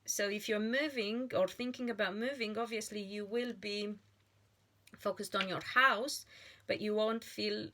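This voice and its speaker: A woman giving a tarot card reading in a slow, earnest monologue, pausing often and restarting her phrases. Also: mid-range voice, fairly even intonation, bright, forceful tone. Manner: slow and deliberate, with frequent pauses and restarts. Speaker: tarot reader.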